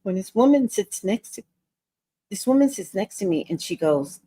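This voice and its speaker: A woman hosting a casual livestream, telling an animated story and acting out other people's lines in voices. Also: mid-range voice, normal speed, husky, dry recording. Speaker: vlog host.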